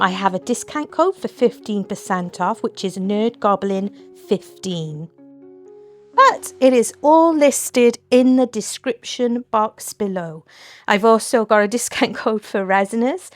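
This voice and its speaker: Bubbly, gushing woman. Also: on the high side. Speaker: resin craft vlogger. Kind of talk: casual craft tutorial chat.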